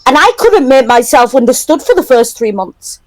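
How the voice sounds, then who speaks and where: A woman's voice: high voice, expressive, normal speed, rough recording. A woman from northern England with a northern English accent, jumping into a casual group discussion eagerly. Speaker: panel guest.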